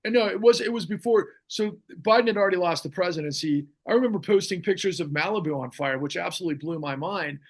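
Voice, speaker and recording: A middle-aged man hosts a podcast, ranting about politics in a fiery, rambling way with many restarts. His voice is high, and he talks fast with few pauses.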